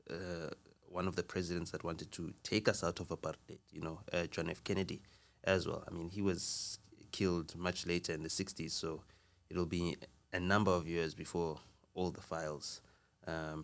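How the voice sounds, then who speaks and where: A man speaking as a podcast guest, earnest and measured, with frequent fillers and restarts. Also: low-pitched, clean tone. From South Africa. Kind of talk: casual conversational talk.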